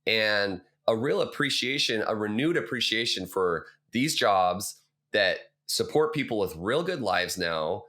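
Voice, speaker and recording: A male podcast host with a low but bright, forceful voice talks in an earnest, thinking-aloud way. His delivery is casual and conversational. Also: animated, unhurried. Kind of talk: casual interview chat.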